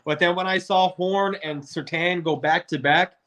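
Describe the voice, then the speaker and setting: Male fan guest, casual sports debate, somewhat high, sharp tone, rambling delivery with frequent restarts. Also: fairly even intonation, moderate pace. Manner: rambling, stumbles and restarts often.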